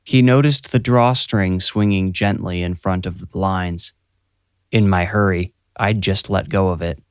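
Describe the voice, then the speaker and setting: Man, young adult, low voice, dry close studio sound, measured horror narration. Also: fairly even intonation, clean tone, no room sound. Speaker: narrator and writer. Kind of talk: scripted first-person horror narration.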